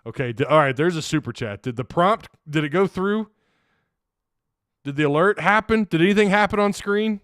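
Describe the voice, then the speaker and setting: A man's voice: a little high, moderate pace, fairly bright tone, no room sound. A man hosting a casual sports livestream from his home studio, rambling and getting flustered over tech trouble. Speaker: sports podcast host.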